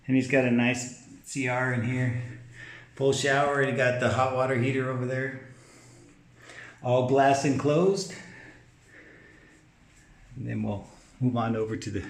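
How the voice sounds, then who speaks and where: A man with a gravelly, low-edged voice talks through a home tour in a relaxed, easygoing way, pointing out features as he moves from room to room. He is recorded on a handheld camera mic inside the house, with a faint hiss in the background. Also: measured pace, long pauses. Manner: relaxed, pointing things out as he walks. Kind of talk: casual walkthrough narration.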